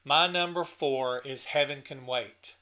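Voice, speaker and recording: A man hosts his own channel, reviewing an album and talking to camera about his favorite songs in a casual, emotional way. His voice is medium-pitched, unhurried and sharp-toned. Enthusiastic and earnest, he sometimes gets choked up and often restarts his sentences.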